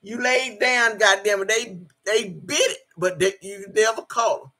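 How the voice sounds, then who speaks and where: A woman with a husky, breathy voice rants profanely on her live stream. She curses, taunts and breaks into loud outbursts, then reads her chat comments aloud in the same rough voice. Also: mid-range voice, unhurried.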